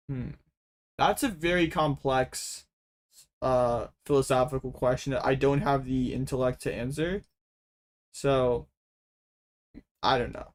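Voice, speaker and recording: A young man talking through an online card game in casual commentary. His voice sits at an ordinary middle pitch, and he talks in an excitable way, quick to break into dramatic complaints.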